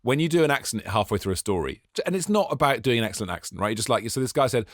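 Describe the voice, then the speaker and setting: A man co-hosting a golf podcast, telling stories in an animated, jokey way. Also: medium pitch, quick pace, no room sound, studio quality. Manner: animated, jokey, exaggerated storytelling. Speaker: podcast co-host. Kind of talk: casual chat.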